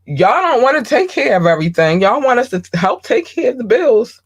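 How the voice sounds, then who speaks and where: A woman hosts her own podcast in a loose, unscripted monologue. She speaks bluntly and candidly, drops the odd swear word and fills her pauses with ums. Her voice sits a little higher than most. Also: very animated, slightly rough. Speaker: podcast host.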